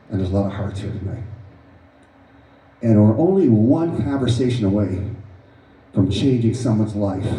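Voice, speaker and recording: Earnest man with a very dark voice, echoey hall. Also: lowish voice. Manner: earnest and emphatic. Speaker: author presenting his book. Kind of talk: personal storytelling speech to an audience. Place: event hall before a live audience. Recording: roomy echo, voice far from mic.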